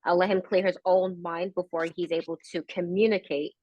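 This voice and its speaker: Podcast co-host, woman, low voice, blunt storyteller, dry mic. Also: little pitch movement, moderate pace, dry recording, highs cut off. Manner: blunt storytelling, swears freely. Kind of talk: casual group chat.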